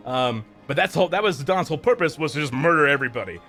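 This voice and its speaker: Male streamer, fairly high voice, swears a lot while rambling through a recap, soft music underneath. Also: animated, rapid-fire. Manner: loose, profane and rambling, with many fillers. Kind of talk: casual recap of a game's story.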